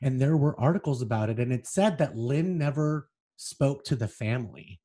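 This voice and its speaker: A man's voice: mid-range voice, animated, moderate pace, warm tone. A man co-hosting a podcast, reading book passages aloud with feeling and chatting casually between them. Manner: reads excerpts aloud with feeling, then chats loosely. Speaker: podcast co-host.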